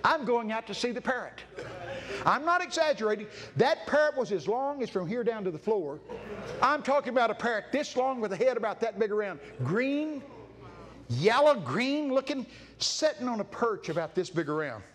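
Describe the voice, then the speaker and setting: An older man preaching a folksy, animated story-filled sermon, laughing and acting out voices. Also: very high-pitched, moderate pace. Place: church sanctuary. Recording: noisy live church recording.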